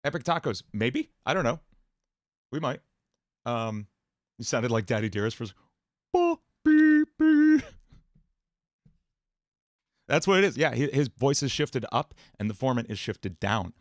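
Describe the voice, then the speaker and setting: A man hosting a livestream Q&A about singing and voice, explaining in a relaxed way with many fillers. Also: medium pitch, normal speed, no room sound, clean studio sound. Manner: relaxed explaining, many fillers, breaks into sung and put-on voice demos. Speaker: music producer and livestream host.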